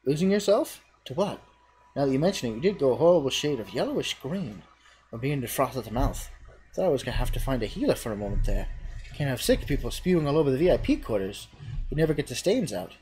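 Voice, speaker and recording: A man voicing a cheerful young woman who fusses over a friend in a video game, with a high, chatty delivery. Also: big pitch swings, quick pace, a little mellow, slight background noise, close to an everyday voice, poor audio. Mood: fussing.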